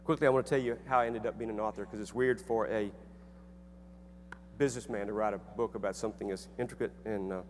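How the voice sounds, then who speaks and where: Earnest and conversational, a middle-aged speaker and author shares a personal story with an audience, restarting and using fillers along the way. His voice is on the low side, steady in tone and quick, captured in an echoey hall with a faint hum.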